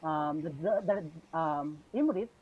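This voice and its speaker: A Filipino man running a tabletop game, narrating the action with plenty of ums and parangs as he switches between English and Tagalog. His voice sits a little high for a man. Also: animated, measured pace, breathy edge, phone-quality sound. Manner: narrates with many fillers, mixing English and Tagalog. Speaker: game master.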